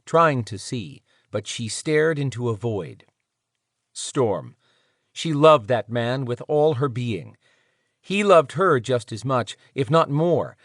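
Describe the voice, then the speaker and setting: An audiobook narrator, a man, delivers scripted narration with lively, dramatic swings. His voice sits at medium pitch, recorded with clean studio sound and no echo.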